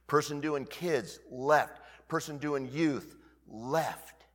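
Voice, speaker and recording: A man in his fifties preaching as pastor, telling a personal story in an animated way that swings between loud bursts and hushed asides. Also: fairly high pitch, takes it slowly, in a large hall. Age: 50s. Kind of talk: storytelling sermon.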